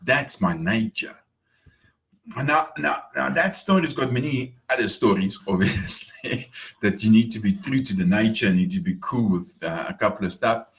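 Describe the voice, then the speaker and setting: A man's voice: lowish voice, normal speed, gravelly. A man talking casually in an upbeat morning vlog, repeating words as he goes. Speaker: marketing vlogger.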